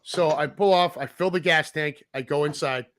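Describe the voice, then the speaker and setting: A man's voice: fairly high pitch, moderate pace, fairly bright tone. A middle-aged man, a podcast co-host, telling a long story in casual chat, acting out the people he quotes and swearing freely.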